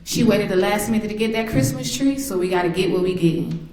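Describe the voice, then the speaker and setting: A woman's voice: mid-range voice, a little fast, darkish tone. A woman, the victim's mother, giving an emotional victim impact statement in a courtroom, telling memories and acting out remembered voices. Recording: echoey courtroom.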